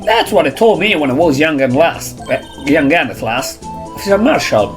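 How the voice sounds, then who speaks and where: A man's voice: a little high, lively intonation, normal speed, over music. Officer Marshall, a man doing a folksy cowboy cop. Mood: easygoing. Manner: casual drawl with folksy sayings. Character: laid-back cowboy police officer, man, drawling. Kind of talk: reading game dialogue aloud on stream.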